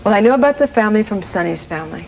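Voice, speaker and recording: Earnest woman guest, halting restarts. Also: mid-range voice, lively intonation, vocal fry, a little mellow, a little hiss or hum, low-quality recording. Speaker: guest actress. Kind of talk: casual TV interview.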